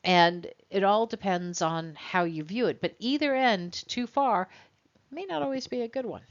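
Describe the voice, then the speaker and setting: A woman instructor giving a recorded college lecture in a conversational way and acting out exchanges with students. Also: mid-range voice. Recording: dull lo-fi recording.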